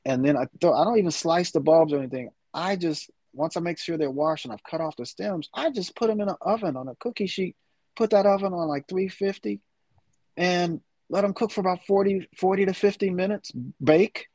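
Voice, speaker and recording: A man's voice: sits high, a little fast, a little mellow, no room sound. A middle-aged man in a casual chat, talking with rambling enthusiasm. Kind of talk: casual chat about food.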